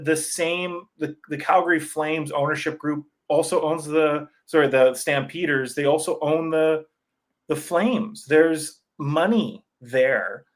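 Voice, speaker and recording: Animated higher-voiced man chatting sports. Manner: rambling, animated, laughs often. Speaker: podcast guest. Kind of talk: casual sports chat. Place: sparse room in a new house.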